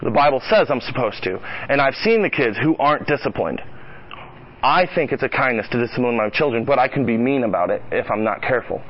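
Casting note: man in his thirties, middle-pitched, a casual preacher telling stories with a laugh, muffled lo-fi recording. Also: animated, a little fast. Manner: conversational, laughs at his own stories, acts out the voices of his child and wife. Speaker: speaker at a church talk for dads. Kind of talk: casual sermon with personal stories.

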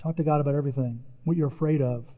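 Speaking very fast, an older pastor with a fairly high voice preaches a lively sermon before his church, his pitch jumping up each time he voices a quoted line. A long hall reverb follows every phrase, and the audio is muffled and lo-fi.

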